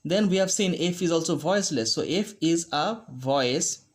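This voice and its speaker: A man teaching a phonetics lesson, speaking slowly and deliberately and demonstrating each sound. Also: a little high, expressive. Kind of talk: phonetics lecture.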